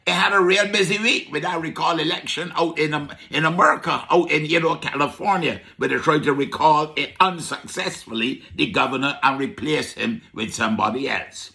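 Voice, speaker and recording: A man's voice: fairly high pitch, moderate pace, vocal fry, few pauses, pushed and bright. A man with a Barbadian accent presenting a comedic radio word-history segment as a market vendor, playful and teasing with frequent "huh?" asides.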